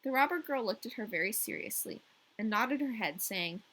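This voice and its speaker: A woman's voice: a little high, lively intonation, normal speed, a bit bright, breathy edge, poor audio. A woman co-hosting a podcast, reading a fairy tale aloud in a casual way with playful, joking asides. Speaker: podcast co-host and story reader.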